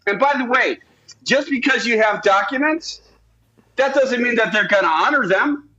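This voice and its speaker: Insistent caller with a bright, dull-toned line. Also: male voice, very high-pitched, moderate pace. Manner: insistent, repeats words. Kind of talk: heated political argument.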